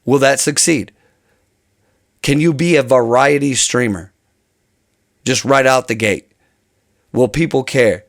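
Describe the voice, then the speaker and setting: A man's voice: mid-range voice, takes it slowly, long pauses, no echo, studio quality. A man talking casually to camera about his channel plans, rambling and often restarting his phrases. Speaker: channel host.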